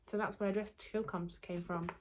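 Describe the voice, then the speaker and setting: A young woman with a British accent chatting casually on her vlog, rambling and laughing at herself, a little hoarse as she loses her voice. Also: mid-range voice, fairly even intonation, moderate pace, a little hiss or hum. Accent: British English. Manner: chatty, rambling, self-deprecating, light laughter. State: slightly losing her voice. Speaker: YouTuber. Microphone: camera mic under a ring light.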